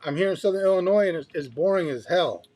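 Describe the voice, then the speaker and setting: A man's voice: sits high, expressive, fast, a little mellow. A man co-hosting a casual podcast over a remote connection, blunt, laid-back and joking. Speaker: pilot and podcast co-host. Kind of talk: casual chat. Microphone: phone hotspot, remote call.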